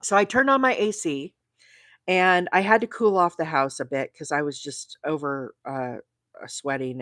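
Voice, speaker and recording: Chatty Southern woman, lively and low. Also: moderate pace, no room sound, studio quality. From South Alabama. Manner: chatty, laughs often, greets viewers by name. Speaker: crochet livestream host. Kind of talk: casual chat while crocheting live.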